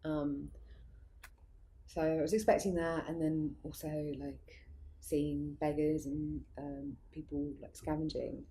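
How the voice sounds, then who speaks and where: A woman's voice: low voice, flat delivery, takes it slowly, dark tone. A young adult woman, a guest on an interview, telling stories in a rambling, casual way full of fillers and restarts, often laughing. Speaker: guest, arts project founder. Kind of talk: casual conversational storytelling.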